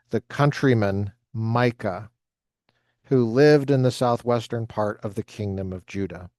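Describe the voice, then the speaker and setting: A man's voice: medium pitch, a little mellow, no room sound, studio quality. A man reading passages from a book aloud and adding joking commentary of his own. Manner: reads passages with joking asides. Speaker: lecturer reading from a history book.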